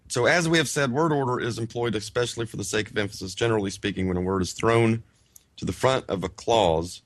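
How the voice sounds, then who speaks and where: A man co-hosting a Bible Greek study show. He reads from a grammar textbook in measured phrases, sounds out Greek words slowly, and breaks off into chatty asides. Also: deep voice, no echo. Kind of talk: reading a grammar textbook aloud and explaining it.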